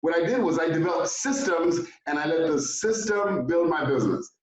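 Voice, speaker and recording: A man hosting an interview, telling stories in an animated, casual way and acting out the quotes. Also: a little high, moderate pace. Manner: animated storyteller, acts out quotes. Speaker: host. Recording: echoey room, distant muffled mic.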